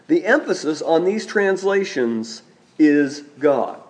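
A man preaching a sermon, speaking in a measured way, slowing down and repeating key phrases for emphasis. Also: fairly high pitch, expressive, a little mellow.

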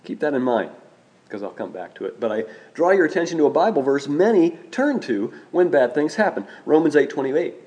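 A man preaching a sermon, speaking in a measured way, slowing down and repeating key phrases for emphasis. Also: on the high side, sing-song, a little mellow.

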